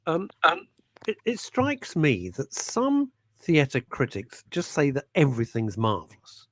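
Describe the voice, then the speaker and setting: A man's voice: fairly high pitch, wildly swooping pitch, a little slow, a bit bright, no room sound. A middle-aged man hosting a radio show, rambling and self-mocking with jokey asides. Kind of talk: chatty live radio presenting.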